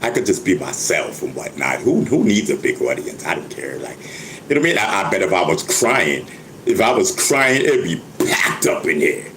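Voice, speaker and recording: A man's voice: sits low, sing-song, normal speed, a bit bright, slight background noise, poor audio. An older man, talking casually to his viewers, stammering, repeating words and laughing often. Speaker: vlogger, rapper. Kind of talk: casual livestream monologue.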